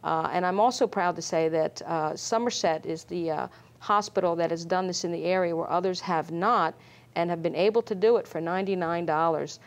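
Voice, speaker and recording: A middle-aged woman, a lung doctor, explaining screening in an interview, measured and full of fillers. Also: on the low side. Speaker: pulmonologist guest. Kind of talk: medical interview.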